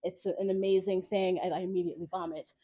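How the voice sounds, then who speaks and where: A woman telling a personal story live to an audience at a cafe event, expressive and often laughing as she speaks. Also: fairly low pitch, fast, breathy edge.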